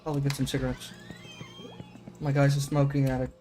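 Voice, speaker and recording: A man's voice: mid-range voice, completely flat delivery, a little fast, dark tone. A young American man chatting casually on a game live stream, rambling and sounding out foreign words as he plays. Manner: rambling, self-questioning, trying out German words.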